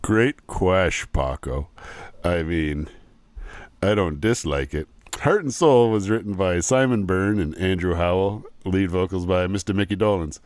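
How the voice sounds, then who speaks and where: A man's voice: sits low, unhurried, a little mellow, dry recording. A man co-hosting a podcast, chatting casually about songs, laid-back and chuckling as he gives opinions. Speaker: podcast co-host. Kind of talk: casual music chat.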